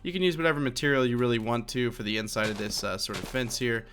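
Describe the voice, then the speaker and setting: Quick-paced and medium-pitched, this young Minecraft tutorial creator talks through a build in a fairly bright voice over a little hiss or hum. His casual voice-over wanders, with lots of fillers and corrections of himself.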